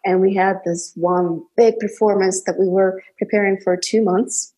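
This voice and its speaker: A woman's voice: medium pitch, steady tone, normal speed, dark tone. A young adult woman from Kazakhstan, an actress being interviewed, telling stories animatedly with many restarts and bursts of laughter. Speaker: actress guest. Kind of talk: casual interview conversation.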